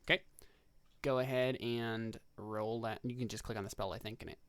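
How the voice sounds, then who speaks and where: A man running a tabletop game as game master, explaining rules in a relaxed, rambling way. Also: medium pitch, moderate pace, clean tone, dry recording, clean studio sound. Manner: relaxed, filler-heavy explaining.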